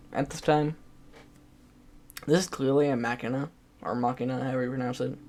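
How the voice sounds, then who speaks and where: A man giving casual video game commentary, chatty and self-mocking as he looks back at his own old predictions. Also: mid-range voice. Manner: chatty and self-mocking, with frequent restarts and laughs.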